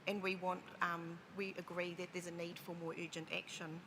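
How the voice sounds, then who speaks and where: A woman's voice: lowish voice, little pitch movement, moderate pace, background noise. A woman speaking briefly and politely as a regional delegate at a committee meeting, with some hesitations. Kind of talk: formal committee statement. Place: large conference hall.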